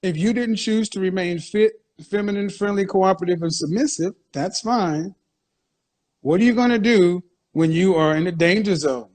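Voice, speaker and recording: A high, darkish-toned male voice moves at a moderate pace. He is hosting a live stream on his phone, teasing and lecturing viewers in a mocking, provocative casual monologue.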